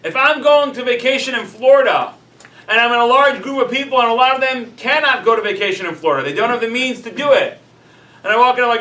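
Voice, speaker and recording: High, bright-voiced rabbi in a roomy hall. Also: male voice, fast. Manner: chatty, lots of "like" and "you know" fillers. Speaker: rabbi teaching a class. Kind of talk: casual storytelling lecture. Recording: roomy echo, mic at a distance.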